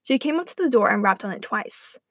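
A woman's voice: medium pitch, expressive, fairly quick, dry recording. A woman narrating a playful, wry story aloud.

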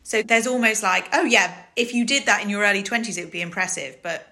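A woman's voice: medium pitch, quick pace, sharp tone. A woman co-hosting a casual podcast, chatting with a wry, joking manner. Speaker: podcast co-host. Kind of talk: casual chat.

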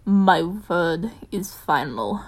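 Brief: woman reader lowering her voice for a weary, guarded middle-aged man, slow and rough, storybook. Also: animated, heavily acted. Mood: grave, weary.

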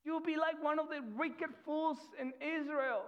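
A man's voice: very high-pitched, steady tone, unhurried, pitched above the performer's own voice. A male preacher voicing a desperate young woman who begs him to stop, in a raised, strained pleading voice. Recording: dull lo-fi sound.

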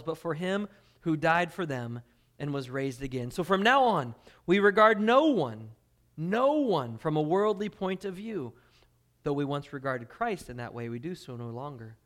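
A pastor delivering a sermon to his church, his fairly high male voice rising and falling in force. He leans on key words, slows down for scripture and speeds up when he explains. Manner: dynamic preaching, drops to quiet intensity then swells loud.

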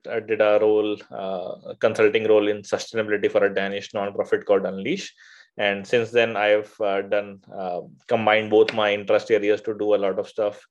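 Podcast guest from India, male: low-pitched, halting delivery full of uhs and restarts, on a dull lo-fi recording. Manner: hesitant, many filler uhs and restarts. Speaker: podcast guest, venture fund founder. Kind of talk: conversational interview.

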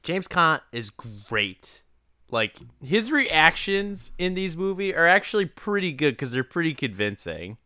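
Smooth, crisp-voiced man chatting. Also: a little high, very animated, measured pace, bright, forceful tone, dry recording, clean studio sound. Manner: laughs easily, loose rambling asides. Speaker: podcast co-host. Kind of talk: casual movie recap chat.

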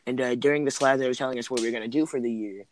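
A man's voice: medium pitch, fairly even intonation, very fast, slight background noise. A man in casual chat, rambling through school stories with lots of "like" and "um". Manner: rambling, heavy use of "like" and "um".

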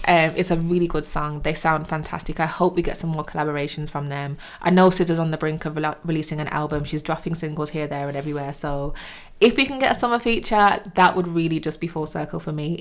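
A woman's voice: low-pitched, fast. A young woman co-hosting a casual music chat, opinionated and frank, swearing casually. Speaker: podcast co-host.

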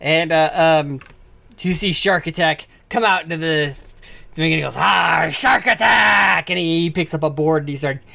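A woman narrating as game master with a strained voice, animated and prone to shouted character voices. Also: deep voice, a little fast. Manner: animated, bursts into shouted announcer and wrestler voices.

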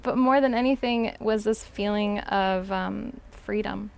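A woman's voice: mid-range voice, unhurried, creaky, darkish tone, clear, resonant tone. A young woman from Utah, a podcast guest telling a personal story in an earnest, emotional way with lots of casual fillers. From Utah, USA. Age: young adult.

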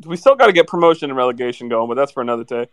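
A man co-hosting a podcast in casual chat, joking with quick asides. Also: medium pitch, animated, smooth, dry recording. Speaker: podcast co-host.

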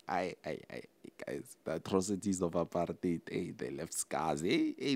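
A man's voice: sits low, measured pace, few pauses, dry recording. Young South African male podcast host, rambling casual delivery, dry close-mic sound. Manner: animated, rambling, talks straight to listeners. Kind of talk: casual solo podcast talk.

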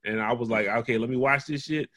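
A man's voice: medium pitch, fast, fairly bright tone. A man co-hosting a casual podcast, laid-back and profane, laughing as he talks. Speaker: podcast co-host. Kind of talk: casual chat.

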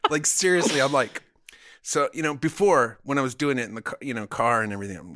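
A man telling a story casually as a podcast guest, animated and profane, laughing often. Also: medium pitch, fast talker.

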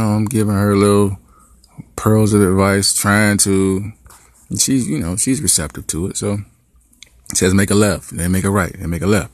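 A middle-aged man with a low voice tells a story in a relaxed, conversational way, jumping into higher voices to act out the dialogue. The sound is close and dry, with no room echo. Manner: animated storyteller who acts out quoted dialogue. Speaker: podcast host. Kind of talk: casual storytelling.

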